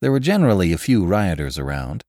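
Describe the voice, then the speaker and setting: Low, expressive male audiobook narrator. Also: dry recording, studio quality. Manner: measured, expressive reading. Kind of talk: scripted narration of a classic novel.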